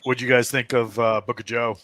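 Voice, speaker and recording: A man's voice: mid-range voice, flat delivery, brisk, noisy background. A man hosting a casual group podcast over a video call, rambling with many fillers and restarts. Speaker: podcast host.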